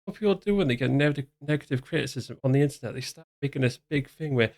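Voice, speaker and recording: A man's voice: on the high side, expressive, quick pace, few pauses, a little mellow. Sarcastic man reacting to a clip. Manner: sarcastic, mocking, repetitive restarts. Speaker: commentary channel host. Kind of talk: casual reaction commentary.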